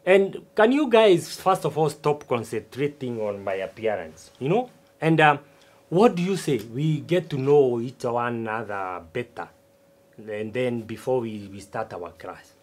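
Man doing a stubborn old farmer, swooping lively voice, self-important asides. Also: mid-range voice, lightly acted. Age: older. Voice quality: animated, drawn-out rhetorical asides. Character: older retired farmer, stubborn and boastful. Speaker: substitute teacher. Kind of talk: TV sitcom acting.

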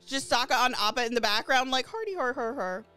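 A woman streaming a game live, chatting to her viewers and gushing excitedly over new items. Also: sits high, a little fast, clean tone. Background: faint game lobby music.

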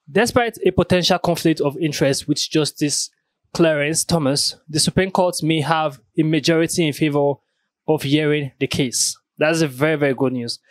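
Male reaction host, higher pitch, dry close sound, casual and emphatic, repeats himself a lot. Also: moderate pace, no room sound. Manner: repetitive, stacking emphatic repeats.

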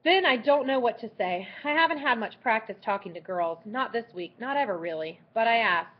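A woman's voice: a little high, animated, a little fast, hardly any pauses. A woman narrating a first-person audiobook in a dry, sardonic teenage voice. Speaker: audiobook reader. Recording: dull lo-fi audiobook recording.

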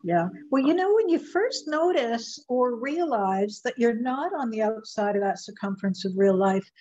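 A woman's voice: a little high, animated, normal speed, a little mellow. A woman interviewing a guest in casual conversation, mostly giving brief agreeing replies. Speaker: interviewer, mindset consultant. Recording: dull muffled audio.

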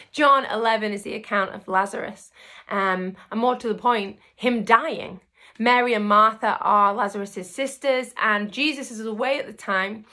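A woman pastor speaks straight to her listeners in a devotional talk, encouraging and lively as she tells a story. Her voice is bright and forceful, pitched a little high. She leans into quotes and key words with energy.

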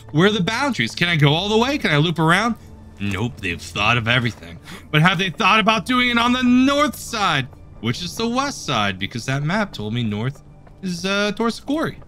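Man, gameplay commentary, chatty and joking, high animated voice. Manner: chatty, joking, talks to himself. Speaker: let's play host.

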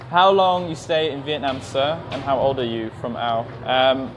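Young english guy teaching, live q&a, lots of ums, takes it slow, faint hum behind. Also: mid-range voice, steady tone, dull audio. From England. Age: 20s. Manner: hesitant, with many ums, speaks slowly and carefully. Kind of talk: live-stream Q&A reading viewer comments. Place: language school.

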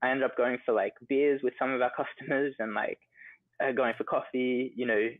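The guest here is a young Australian man who runs a coffee business, relaxed and talkative as he tells stories in an interview. His mid-range voice is brisk with fairly even intonation, peppered with "like" and "you know." There's no room sound, just dry, phone-like audio.

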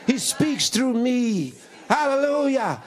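A male pastor preaching a sermon, swinging from loud rhetorical questions to hushed whispers and repeating key lines with slow, deliberate emphasis. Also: very high voice, sing-song. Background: congregation answering and laughing.

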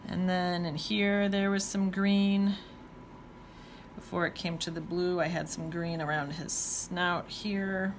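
A woman's voice: fairly low pitch, level tone, takes it slowly, slight background noise. A woman teaching watercolor, talking casually while she paints and thinking aloud with playful exclamations. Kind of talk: painting demonstration talk-along.

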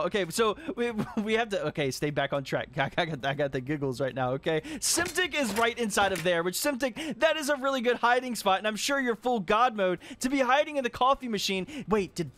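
Animated high-voiced young man gaming. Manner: animated, laughs often, scolds players. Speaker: gaming YouTuber hosting hide and seek. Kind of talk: excited gameplay commentary.

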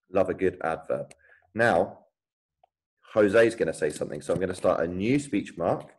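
A man's voice: on the low side, expressive, moderate pace, husky, low-quality recording. A man, a primary school teacher thinking aloud and explaining as he types a writing lesson for children.

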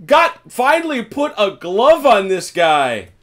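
A man hosting a tabletop wargame session, chatting casually as he plays, counting dice aloud and breaking into excited exclamations. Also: sits high, slow pace. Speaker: host, tabletop wargame player. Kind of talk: casual play-by-play while gaming. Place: home, at a game table.

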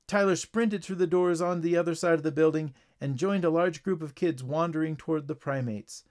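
A man narrates a children's story in a clear, steady voice. His pitch sits a little high for a man, and he keeps an even storytelling pace throughout. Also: fairly quick.

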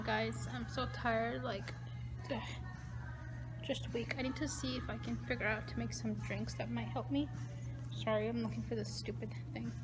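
A young woman vlogging casually, rambling in a self-conscious way and often dropping to a hushed voice, filmed on a handheld phone out at a beach, in a car and at a gym. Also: fairly high pitch, low-quality recording. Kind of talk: casual vlog chat.

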